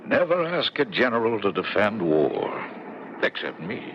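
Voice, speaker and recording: A middle-aged American general, a wry husband who banters with his wife in a fairly low, lively voice that rises and falls. The 1970s radio drama sounds muffled, with a clear hiss behind it. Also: unhurried. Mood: bantering.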